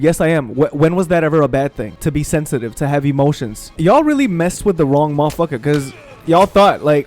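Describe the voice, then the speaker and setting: A man's voice: fairly high pitch, a little fast, soft background music. A man ranting with emphasis and plenty of profanity, giving commentary over gameplay. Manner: profane, animated, emphatic venting. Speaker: gaming streamer.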